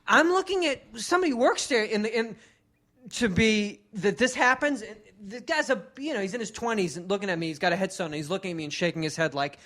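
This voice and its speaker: A man's voice: sits high, fast, fairly bright tone. Man telling a rambling story. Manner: rambling, many fillers and restarts. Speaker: podcast co-host. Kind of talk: casual storytelling.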